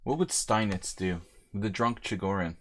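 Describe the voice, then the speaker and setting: During a live chess stream, a middle-aged man from the United States chats and jokes with his viewers while thinking through his moves. His lowish voice is a bit bright, moving at a moderate pace.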